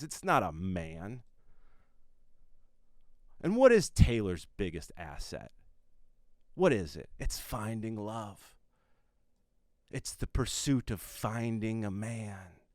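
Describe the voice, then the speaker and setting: A low-voiced male comedian delivering a mock-serious rant, his voice swinging widely between booming lines and near-mutters. The sound is close and dry. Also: dry recording. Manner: mock-serious, dramatic pauses, drops to a mutter. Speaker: comedian host. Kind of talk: comedic monologue.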